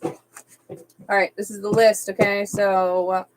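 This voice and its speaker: A woman's voice: medium pitch, flat delivery, slow pace, low-quality recording. A woman doing a live-streamed tarot reading, reading card texts aloud evenly and slipping into casual, chatty asides. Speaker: tarot reader.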